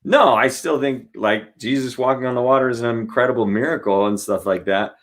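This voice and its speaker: A man, a guest comedian, chatting in an interview and telling stories with animated asides and quick voice impressions. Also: medium pitch. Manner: animated storyteller who acts out voices. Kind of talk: casual interview chat.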